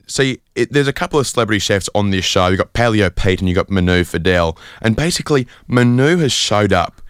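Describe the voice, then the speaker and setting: A man from Sydney hosting a radio show, telling a rambling story in a deadpan style full of fillers. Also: fairly low pitch, fairly quick, clean tone, dry recording, studio quality. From Sydney, Australia. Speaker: radio host. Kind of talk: comedic casual radio chat.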